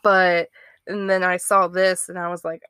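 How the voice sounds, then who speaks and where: A woman's voice: on the low side, level tone, moderate pace, bright, forceful tone, clean tone, dry recording, clean studio sound. A woman hosting a true-crime podcast, chatting casually and reacting with disbelief. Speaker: podcast host.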